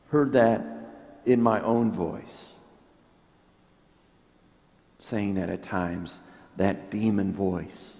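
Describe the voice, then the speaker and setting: A man preaching a homily as a priest, slow and reflective, pausing and restarting as he thinks aloud. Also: lowish voice, warm tone. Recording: long church reverb.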